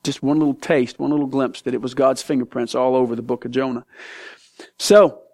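A man preaching a sermon as pastor, animated and joking, with big dramatic swings in pitch and loudness. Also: fairly quick, creaky. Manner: reads scripture aloud.

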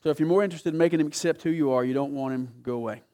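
Male pastor, dynamic sermon delivery, somewhat high-pitched, church setting. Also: rapid-fire. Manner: dynamic preaching, swings from quiet to loud emphatic reading.

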